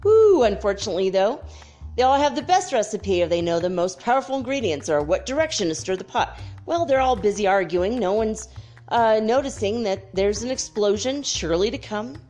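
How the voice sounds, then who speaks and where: A woman in her fifties hosting a casual spiritual chat show, telling stories in a chatty, animated way and laughing often. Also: medium pitch, fairly quick, soft background music. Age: 50s. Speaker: host.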